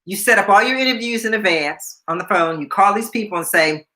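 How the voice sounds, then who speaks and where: An older woman hosting a casual chat, telling a lively story and acting out the people in it, laughing often. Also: mid-range voice, a little fast. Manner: animated, acts out quoted voices, laughs often. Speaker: host.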